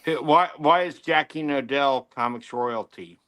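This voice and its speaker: A man's voice: medium pitch, unhurried, fairly bright tone, clear, resonant tone. A man co-hosting a casual talk show, enthusiastic and fond of quizzing his co-hosts with questions. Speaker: co-host. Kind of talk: casual chat.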